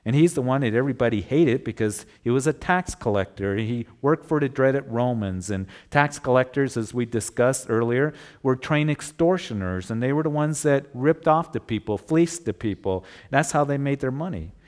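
A man's voice: mid-range voice, animated, moderate pace, few pauses. Man preaching a conversational sermon. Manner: conversational preaching with rhetorical questions. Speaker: pastor.

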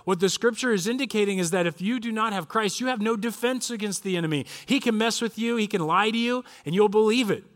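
A man in his forties preaching a sermon, telling a story with animated quoted voices. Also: high voice, quick pace, hardly any pauses. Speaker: pastor. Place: church.

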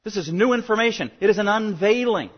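A male pastor delivering a verse-by-verse sermon, his fairly high voice pushing hard on key words and swelling with emphasis. The recording is muffled and lo-fi. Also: expressive, brisk, slightly rough. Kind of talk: expository sermon.

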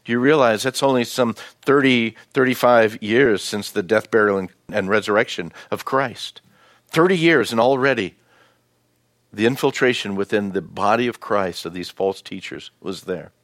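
A man's voice: on the low side, normal speed, a bit bright, no room sound, clean studio sound. Man preaching a folksy sermon. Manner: folksy, conversational preaching with asides to the congregation. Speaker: pastor.

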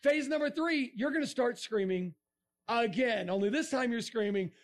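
Man, high voice, animated, jokey talk, sudden shouts. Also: normal speed. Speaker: speaker. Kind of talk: comic science-and-faith talk to a crowd.

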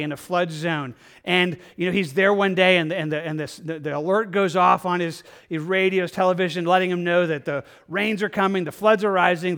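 A man's voice: high voice, fairly bright tone. A man preaching a conversational verse-by-verse sermon, full of fillers and repeated words. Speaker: pastor.

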